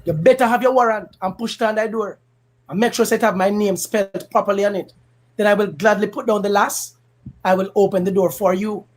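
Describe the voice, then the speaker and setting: A Jamaican man hosting a casual political commentary stream, animated and emphatic, switching between patois and standard English, laughing and repeating lines for effect. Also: high-pitched, fairly quick.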